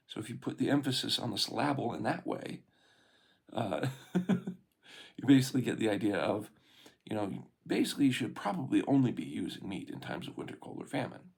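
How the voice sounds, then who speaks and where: Gravelly, husky man reading scripture. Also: mid-range voice, very animated. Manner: reads slowly, then muses with fillers and restarts. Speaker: scripture reader and commentator. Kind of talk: scripture reading and casual commentary.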